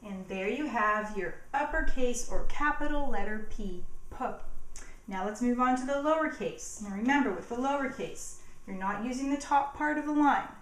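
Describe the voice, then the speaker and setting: A woman teacher giving a cheerful, encouraging alphabet lesson to young children, sounding words out slowly. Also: on the high side, a bit bright. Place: home. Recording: echoey room.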